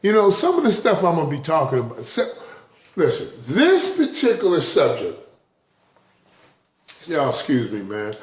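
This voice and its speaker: A man's voice: a little high, wildly swooping pitch, normal speed, pauses often. A man giving a rambling, casual spiritual talk to camera, chuckling often between phrases. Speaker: vlogger. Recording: roomy echo.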